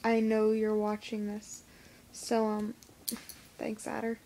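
A teenage girl with a lisp, talking to camera in a casual vlog, halting and full of fillers. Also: medium pitch, completely flat delivery, warm tone, slight background noise. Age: teens. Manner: hesitant, halting with many fillers. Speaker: vlogger. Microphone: phone camera.

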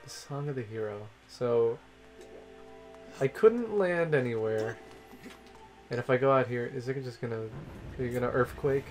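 Give me a laid-back young gamer man, mid-pitched. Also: moderate pace, long pauses. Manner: laid-back, distracted while playing, trailing off mid-sentence. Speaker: co-host playing the game. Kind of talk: casual let's-play banter. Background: faint game music.

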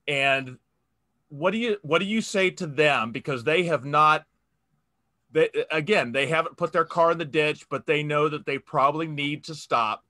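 Guy hosting an interview, kinda high bright voice, rambles and ums his way through questions. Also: normal speed, dry recording, studio quality. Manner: rambling, hesitant questions with many fillers. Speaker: host. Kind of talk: casual interview talk.

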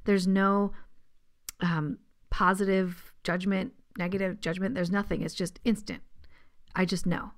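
A woman hosting her own podcast as a medium, talking casually and chattily, laughing often and dropping into soft asides. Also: medium pitch. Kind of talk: casual solo podcast talk.

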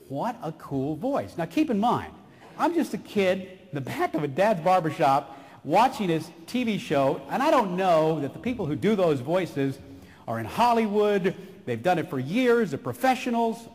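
A middle-aged man from San Antonio tells stories at a motivational keynote. His voice sits high and swings widely, and it rings out on a stage mic in a large hall with long reverb. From San Antonio, Texas. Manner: animated storyteller, slips into character voices. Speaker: keynote speaker. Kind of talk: motivational keynote speech with storytelling.

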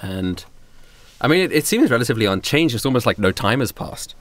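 Halting man narrating a tabletop game. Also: mid-range voice, sing-song, noisy background. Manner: halting, many fillers and restarts. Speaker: game master.

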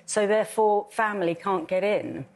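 A woman's voice: mid-range voice, moderate pace, darkish tone. Earnest English woman on a TV panel. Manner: earnest, emphatic and pleading. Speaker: guest campaigner. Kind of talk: daytime TV panel chat. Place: TV studio.

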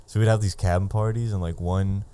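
Young male comic, low mellow voice, loose swearing storyteller, casual pod chat. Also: fairly even intonation, a little fast, smooth. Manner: loose, profane, lots of fillers. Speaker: guest comedian.

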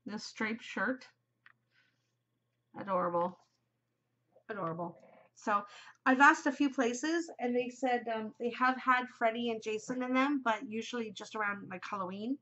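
A woman's voice: on the high side, moderate pace, a bit bright, dull audio. A middle-aged woman hosting a podcast, chatting casually and giggling, easily distracted. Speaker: podcast host. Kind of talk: casual chat to camera.

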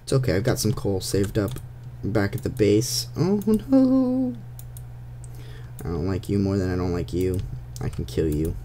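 A man's voice: low voice, steady tone, normal speed, mellow, a little hiss or hum. A young man giving casual, playful commentary while he plays a game, talking to the monsters as he goes. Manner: chatty, playful, talks to the monsters. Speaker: gameplay commentator. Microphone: desktop USB microphone.

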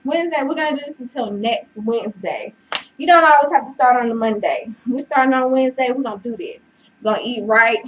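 Talking fairly quickly in a fairly high voice, a woman vlogs about fitness to camera in a casual, upbeat, encouraging way, with many fillers and words like "y'all" and "child," occasionally winded. The audio is dull with faint noise, mic away from her.

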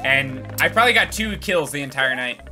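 Excitable young man gaming. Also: mid-range voice, brisk. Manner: excitable, yelps at game events. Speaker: let's play host. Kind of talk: casual gameplay banter. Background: game music.

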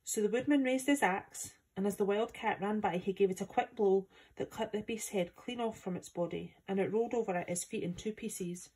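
A woman from Scotland reading a chapter of a children's book aloud, in steady, plain storytelling. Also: medium pitch, fairly quick, hardly any pauses, slightly rough. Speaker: volunteer reader.

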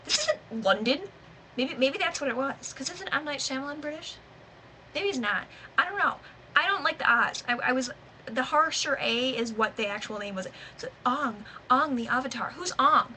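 A woman's voice: sits high, normal speed, sharp tone, a little hiss or hum, rough recording. A woman with a Michigan accent giving a rambling, unedited movie review to camera, full of asides and fillers. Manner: chatty, rambling, lots of "like" and trailing asides. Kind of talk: casual unedited video review.

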